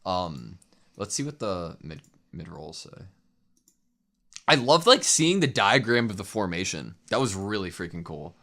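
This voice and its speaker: Very deep-voiced man in casual reaction chat. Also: a little slow, gravelly. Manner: loose and excitable, swears freely, lots of "like". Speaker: co-host reacting to an anime episode.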